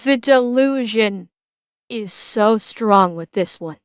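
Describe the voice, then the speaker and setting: Crisp-voiced woman streamer, dry close sound. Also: mid-range voice, animated, slow, dry recording. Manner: blunt, swears freely, restarts often. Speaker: streamer reacting to a video. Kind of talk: casual live-stream commentary.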